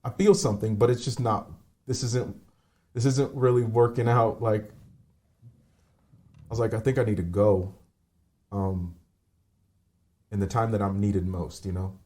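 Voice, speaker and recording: A man's voice: lowish voice, fairly even intonation, measured pace, pauses often, darkish tone. A man in his forties telling a personal story as a podcast guest, candid and rambling, swearing casually. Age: 40s.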